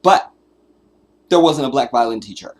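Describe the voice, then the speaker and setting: A man's voice: mid-range voice, normal speed. A man hosting a live stream, delivering an emphatic, profane, preachy commentary rant. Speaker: livestream host.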